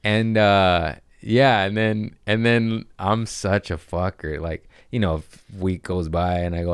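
Foul-mouthed low-voiced man telling stories. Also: slow, few pauses, clear, resonant tone, no echo, clean studio sound. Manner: profane, animated, rambling. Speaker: podcast host. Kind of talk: casual comedic storytelling.

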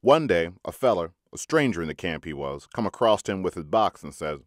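A man reading a short story aloud in an unhurried, folksy storytelling manner. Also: deep voice, very animated, dry recording, studio quality. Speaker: audiobook reader.

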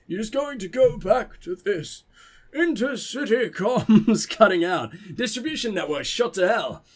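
A man voicing a weathered old southern backcountry loner, speaking in a slow, folksy drawl with rural grammar. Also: sits high, lively intonation. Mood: grudging.

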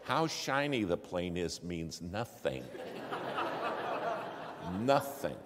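A man telling a story in a sermon, acting out the dialogue and swinging from hushed asides to loud exclamations. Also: low voice, big pitch swings, slow pace, crowd noise, noisy background. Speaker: preacher telling a testimony. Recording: long hall reverb, faint ambience.

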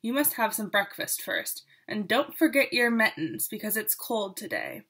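A woman voicing a calm, caring mother who speaks gently but firmly. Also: medium pitch, moderate pace, husky, heavily acted. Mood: gentle.

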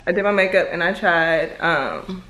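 A young woman vlogging to camera from her bedroom at home, chatting quickly and casually. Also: lowish voice, a bit bright, echoey room. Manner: fast-talking, chatty. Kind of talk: casual vlog chat to camera.

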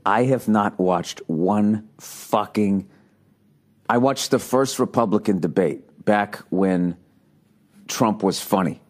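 A man's voice: fairly low pitch, slow pace, darkish tone. A man from the United States, a comedian and podcast host, ranting through a solo monologue with lots of swearing, sarcasm and restarts. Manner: profane, rambling, exasperated ranting; frequent fillers and restarts, sarcastic.

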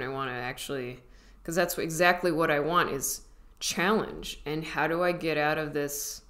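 Woman, low voice, chatty, rambling, self-mocking vlog talk. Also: fairly bright tone. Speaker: comedian vlogger. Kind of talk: casual rambling vlog chat.

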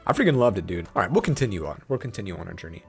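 A young man hosting a gaming channel, giving excited, playful let's-play commentary and talking to the game. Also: sits low, racing, vocal fry, faint music behind. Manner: hyped, playful, talks to the game.

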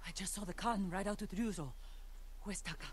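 A woman's voice: medium pitch, fairly quick, slight background noise, natural voice. An actress voicing a grieving young woman warrior in a video game, crying out in anguish and blame. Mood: urgent.

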